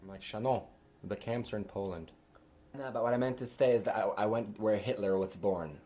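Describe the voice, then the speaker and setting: A man from Switzerland telling a casual anecdote in a deadpan, mocking way. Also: fairly low pitch, a little fast.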